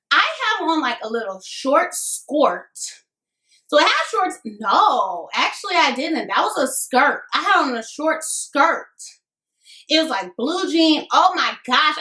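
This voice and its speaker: A woman in her twenties telling a casual storytime vlog, chatty and animated, talking straight to viewers. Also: high-pitched. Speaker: vlogger. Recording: echoey room.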